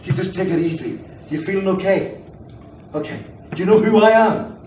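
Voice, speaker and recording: A man's voice: high voice, normal speed, a little mellow, close to an everyday voice. A man playing a coaxing fire chief in a noisy room. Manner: coaxing, reassuring. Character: kindly take-charge male fire chief. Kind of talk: amateur audio drama. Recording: roomy, distant mic, noisy background.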